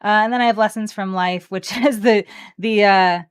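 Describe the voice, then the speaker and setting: A woman's voice: medium pitch, steady tone, normal speed, smooth. A woman co-hosting a card game stream, chatting playfully and reading card text aloud. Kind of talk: casual chat opening card packs.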